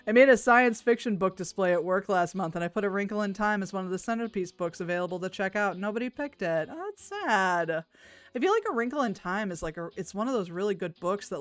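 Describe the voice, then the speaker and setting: Woman, game streamer, lively up-and-down voice, chatty, laughs a lot, faint music behind. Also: mid-range voice. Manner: chatty, laughs often, puts on voices for characters. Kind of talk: casual game stream, reading character dialogue aloud.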